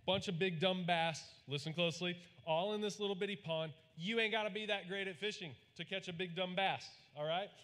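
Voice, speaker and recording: A man's voice: sits high, brisk, few pauses, a bit bright. A man from Texas, preaching a sermon in a folksy storytelling way and getting the congregation to repeat lines back. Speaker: pastor. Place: large church hall. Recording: long hall reverb.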